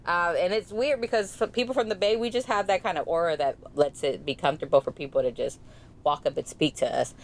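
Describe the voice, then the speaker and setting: A woman in her thirties with a Bay Area Californian accent, co-hosting a podcast and telling stories in a casual, slangy way, acting out what other people said. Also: low voice. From San Francisco Bay Area. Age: 30s. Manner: animated, slangy, acts out other people's lines. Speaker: podcast co-host. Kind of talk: casual storytelling chat.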